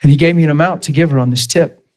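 A middle-aged man preaching in a fairly high voice. He tells a story with lively pacing and acts out the voices of the people in it. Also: very fast, rough recording. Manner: storytelling, acts out dialogue with shifts in loudness. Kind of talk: sermon.

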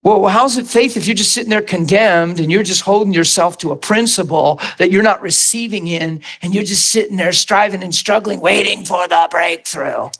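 Animated, laughing male preacher. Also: normal speed, creaky, few pauses. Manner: animated, laughing storyteller with big pitch swings. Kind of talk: sermon.

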